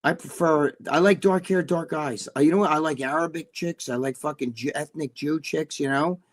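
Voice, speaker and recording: A man's voice: on the high side, normal speed. Blunt, swearing New Jersey man. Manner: profane, blunt, rambling. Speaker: co-host. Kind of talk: casual live chat.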